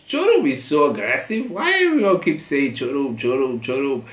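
An Italian man hosts a reaction video, reading tweets out loud in casual chat, laughing a lot and repeating short phrases. His medium-pitched voice is very animated and fairly bright, at a moderate pace, recorded in an echoey room.

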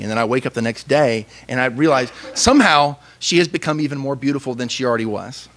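A young man, a pastor, giving an earnest sermon with emphatic pauses. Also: mid-range voice, animated, a bit bright.

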